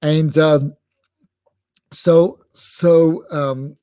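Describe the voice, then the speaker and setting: Digressive rabbi with a dry close sound. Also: male voice, a little high, fairly even intonation, extremely slow, dark tone, no room sound. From England. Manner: digressive, many restarts and fillers, self-amused. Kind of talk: rambling lecture.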